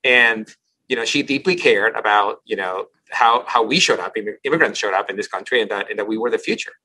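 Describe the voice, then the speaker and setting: A man speaking as a podcast guest, telling a personal story in a quick, animated way with many restarts. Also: lowish voice, husky, low-quality recording. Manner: rapid, animated, restarting phrases often. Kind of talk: casual interview storytelling.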